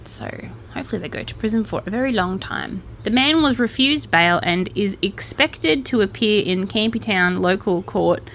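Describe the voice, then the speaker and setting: A woman's voice: mid-range voice, lively intonation, moderate pace, a bit bright. Australian woman, casual news-reading vlogger, wry and chatty, faint hum behind. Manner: chatty, wry asides and self-corrections.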